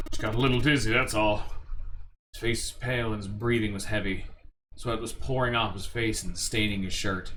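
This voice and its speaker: A man's voice: medium pitch, fairly bright tone, a little hiss or hum. A man hosting a let's play, reading the game's text aloud and adding casual, joking asides.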